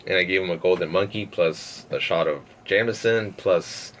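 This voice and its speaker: A man's voice: low-pitched, moderate pace, a bit bright, slight background noise. A young man, a podcast guest, telling a rambling, profane story in casual chat and laughing between phrases.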